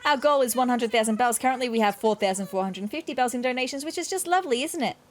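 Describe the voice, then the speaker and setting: A woman's voice: a little high, animated, fast, close to an everyday voice. A woman reading as a polite fundraiser.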